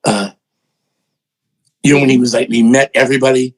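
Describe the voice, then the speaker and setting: An older man, a songwriter and producer, telling animated stories in an interview, acting out other people's voices and poking fun at himself. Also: mid-range voice, fairly quick, rough recording. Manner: excitable, acts out voices in quotes, self-mocking.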